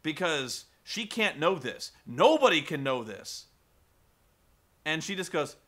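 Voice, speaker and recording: Man, young adult, casual vlog, swears a lot, acts out characters, bright sharp tone. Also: a little high, slow. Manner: profane, animated, acts out characters in quoted voices, laughs often. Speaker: vlogger. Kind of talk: casual film review ramble.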